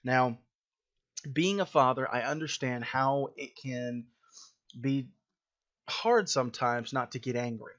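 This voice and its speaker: A man's voice: mid-range voice, slow, pauses often, fairly bright tone, muffled recording. A man preaching a sermon in a plain conversational way, with frequent fillers and restarts.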